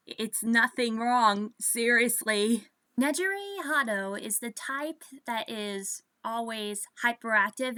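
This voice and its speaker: A woman's voice: on the high side, pushed and bright, no echo. A woman, a fandub voice actor, earnestly explaining how she voices characters in a casual talk.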